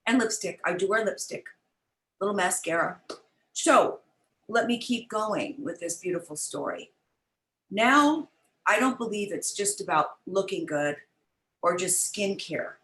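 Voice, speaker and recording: A woman's voice: on the low side, a bit bright, roomy sound, slight background noise, poor audio. An older woman telling a heartfelt personal story as an interview guest, earnest and chatty, over a video call. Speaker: guest, business founder. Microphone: online event, video call.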